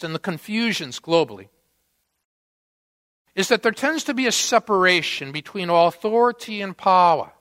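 A man's voice: high-pitched, sharp tone. A man preaching a sermon, telling a story with dramatic acted quotes. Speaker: pastor. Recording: long church-hall reverb.

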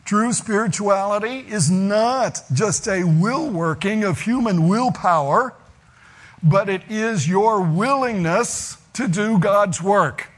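A man preaching a teaching sermon, emphatic and deliberate, slowing down to stress key phrases. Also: sits high.

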